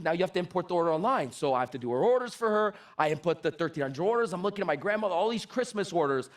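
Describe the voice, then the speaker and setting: High-voiced, animated male sales speaker. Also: very fast, hardly any pauses. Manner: animated storytelling, acts out dialogues. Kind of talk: energetic stage talk.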